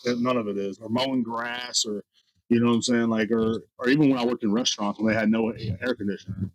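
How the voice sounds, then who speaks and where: A man's voice: mid-range voice, fast, dry recording, rough recording. A young man co-hosting a podcast outdoors, chatting casually and rambling into stories. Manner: rambling storyteller, animated when retelling. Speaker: podcast co-host. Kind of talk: casual chat.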